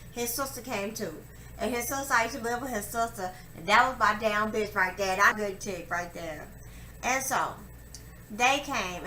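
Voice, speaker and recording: A young woman telling a personal story to camera, profane and emphatic, acting out her quotes loudly. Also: mid-range voice. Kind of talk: candid storytelling monologue. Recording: echoey room with faint ambient noise.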